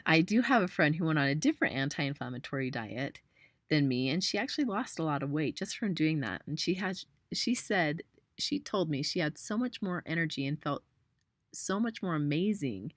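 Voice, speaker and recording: Low-voiced woman hosting a webinar. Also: animated, normal speed, dry recording, clean studio sound. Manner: chatty and personal, addresses viewers as "you guys", laughs often. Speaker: personal trainer and webinar host. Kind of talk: casual webinar presentation.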